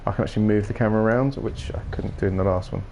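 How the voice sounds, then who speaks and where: A man's voice: lowish voice, fairly even intonation, very fast, mellow, slight background noise. A man giving casual, jokey game commentary with rambling, playful asides. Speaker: gaming streamer.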